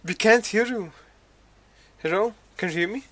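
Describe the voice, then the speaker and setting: A man streaming a game, talking to himself and his chat, exasperated, going from low muttering to sudden high yelps. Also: moderate pace, a bit bright.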